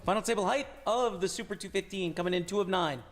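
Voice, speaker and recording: A man's voice: high-pitched, fast talker, faint music behind. A man with a Canadian accent commentating his own poker play on a live stream, chatting casually and hyping up his viewers. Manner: casual, hyped shout-outs to chat.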